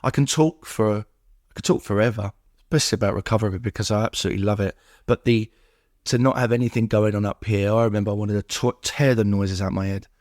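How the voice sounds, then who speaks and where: A podcast guest speaks fast in a lowish, darkish, steady voice, captured in a clean studio with no room sound. The conversation is emotional and heartfelt; he is earnest, repeats himself, and lists things in rhythmic runs of words.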